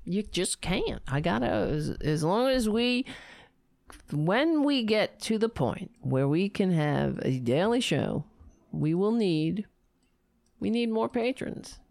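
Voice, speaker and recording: A woman host closes out her show in a slow, rambling, self-deprecating way, stopping and restarting often. Her voice is hoarse and gravelly, worn low from shouting. The sound is dry and close, with no room around it. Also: no echo. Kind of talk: casual live-show sign-off.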